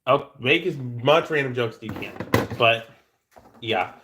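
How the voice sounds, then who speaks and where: A man's voice: mid-range voice, measured pace, pushed and bright. A man hosting a casual livestream, rambling and joking with viewers, often stammering and restarting his sentences. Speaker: livestream host.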